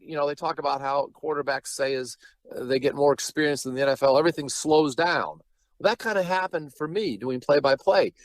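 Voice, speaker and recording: A man's voice: fairly high pitch, dry recording, rough recording. A man from Chicago, a sports broadcaster being interviewed, who tells long, rambling stories with many asides. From Chicago, Illinois. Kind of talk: casual interview chat.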